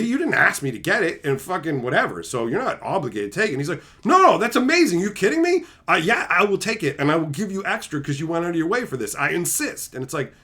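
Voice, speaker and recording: A man's voice: on the high side, a bit bright. A man hosting a stream, telling profane anecdotes in casual chat and acting out both sides of each exchange. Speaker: streamer host.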